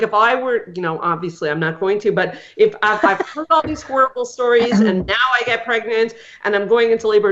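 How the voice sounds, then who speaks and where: A woman's voice: fairly high pitch, a bit bright, dull audio. A woman hosting a radio talk show, chatty and rambling with many fillers. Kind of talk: casual radio interview.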